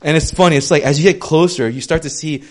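A man's voice: fairly high pitch, fast. A young man giving a casual, conversational sermon, telling stories with lots of "um" and "like". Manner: chatty, many fillers like "um" and "like", animated storytelling. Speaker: preacher.

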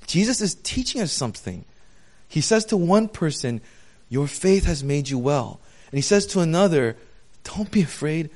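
Male pastor, slightly high voice, casual sermon delivery, shifts from hushed narration to emphatic emphasis. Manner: conversational, swings between hushed storytelling and emphatic raised points.

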